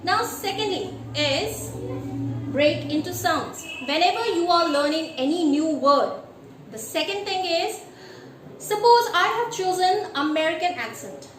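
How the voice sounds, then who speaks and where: High-voiced woman teaching pronunciation. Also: animated. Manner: deliberate, emphatic, rhetorical "Yes?" checks. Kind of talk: instructional lesson. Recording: echoey room with faint ambient noise.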